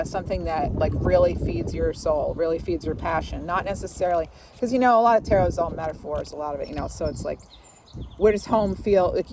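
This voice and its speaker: A woman giving a casual tarot reading, musing aloud in a relaxed way and often pausing on fillers as she takes in impressions. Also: fairly low pitch, background noise. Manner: musing, intuitive, many fillers and asides. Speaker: tarot reader. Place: outdoors.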